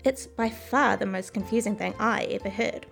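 A woman's voice: medium pitch, normal speed, vocal fry, soft background music, lightly acted. A woman voicing the Mock Turtle, a fussy creature who keeps pressing with questions in a storybook reading. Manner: questioning, insistent. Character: fussy male Mock Turtle, melancholy and persistent.

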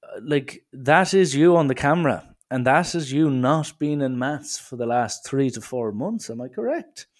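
A man's voice: mid-range voice, animated, moderate pace, pitched above the performer's own voice, lightly acted. A man voicing a stern, formal vice principal with an Irish accent, hesitant and prim.

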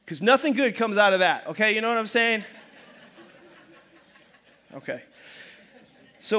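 A man's voice: high-pitched, lively intonation, measured pace, long pauses, bright, forceful tone. A man pastor preaching a sermon in a loose, conversational way, often restarting his phrases. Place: church service.

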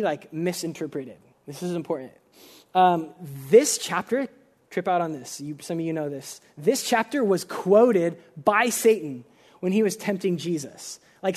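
A young man preaching in a loose, chatty way, leaning on "like" as he works through his thoughts. His voice sits high for a man. He sounds earnest and informal rather than polished. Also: a little mellow. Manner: conversational, frequent filler "like", earnest. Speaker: pastor. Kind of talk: casual sermon.

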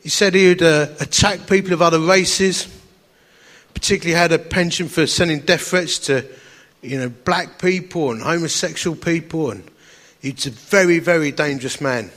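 Lively man telling a funny story. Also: fairly high pitch, moderate pace, long reverb tail. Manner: lively, self-mocking, acts out dialogue. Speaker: evangelist. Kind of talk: humorous storytelling to an audience.

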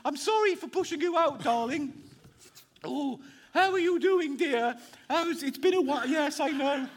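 A man's voice: very high-pitched, measured pace, a little hiss or hum. A man voicing a fussy, doting old lady bride who calls everyone darling, in a comedy sketch.

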